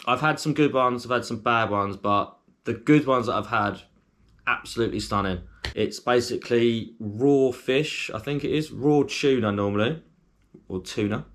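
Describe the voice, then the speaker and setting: A man chatting casually to camera as a food vlogger, rambling a little and filling pauses with lots of ums. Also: medium pitch, a bit bright.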